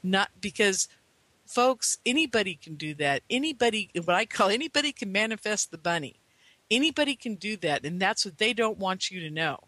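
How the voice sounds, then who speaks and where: A man's voice: sits high, lively intonation, brisk, sharp tone, no room sound. A man in his fifties telling a rambling, earnest personal story as a guest, with many "you know" asides. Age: 50s. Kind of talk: casual anecdotal storytelling.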